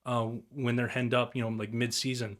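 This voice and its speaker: A young man chats casually on a podcast, rambling through stories in a relaxed, easygoing way. He speaks at an ordinary middle pitch and keeps things loose and informal, with the odd curse word. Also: moderate pace. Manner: rambling, laid-back storytelling with swearing and mimicked turkey calls. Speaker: guest turkey hunter.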